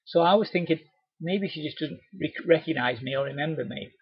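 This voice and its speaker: A man presenting a live training webinar, chatty and encouraging, with a husky voice. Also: fairly high pitch, brisk, dry recording. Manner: chatty, encouraging, acts out cheery doorstep greetings. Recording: dull, lo-fi webinar audio.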